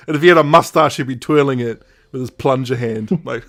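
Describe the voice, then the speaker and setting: A young man hosting a podcast, retelling a story in a casual, animated way, quoting characters in quick put-on voices and laughing often. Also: fairly high pitch. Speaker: podcast host. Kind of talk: casual chat recapping a story.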